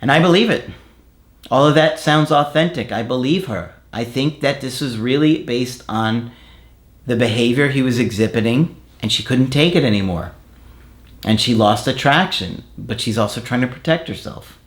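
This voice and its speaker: A man's voice: medium pitch, normal speed. A man working as a relationship coach, frankly and emphatically giving advice in answer to viewer comments.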